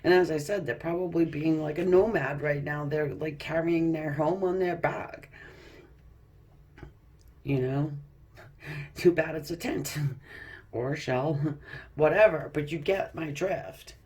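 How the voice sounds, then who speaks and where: A woman reads tarot cards in a relaxed, chatty way. She laughs often, trips over her own words and swears freely. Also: low-pitched, measured pace, long pauses. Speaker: tarot reader. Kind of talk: casual tarot card reading.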